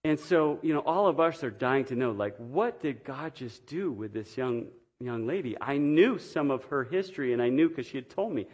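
A middle-aged man giving a sermon, telling a personal story earnestly and swinging between emphatic and hushed delivery. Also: mid-range voice, lively intonation, moderate pace, hardly any pauses. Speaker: pastor.

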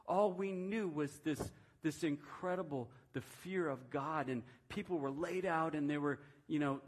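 Casting note: man in his fifties, preacher sharing testimony, slightly high voice, casual storytelling. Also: slightly rough. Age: 50s. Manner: conversational storytelling with frequent restarts; self-described reserved personality. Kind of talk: sermon testimony.

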